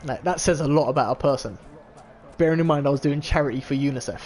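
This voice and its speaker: A young man tells a long, meandering story in a casual chat. His voice sits a little high, and he swears freely, packing every sentence with filler words. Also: fast talker, darkish tone. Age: 20s. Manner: rambling and profane, full of filler "like". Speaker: vlogger.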